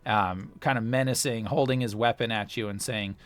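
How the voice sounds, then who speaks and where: A man's voice: mid-range voice, normal speed. A man narrating a tabletop role-playing game as game master, rambling with many fillers.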